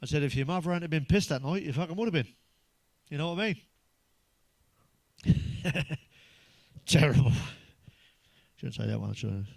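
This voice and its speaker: An English man with a fairly high speaking voice fires off crude, sweary one-liners as a stand-up comic. The sound is close and dry, with no room around it. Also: expressive, normal speed, vocal fry, long pauses, a little mellow, dry recording. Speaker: stand-up comedian. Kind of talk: stand-up joke routine.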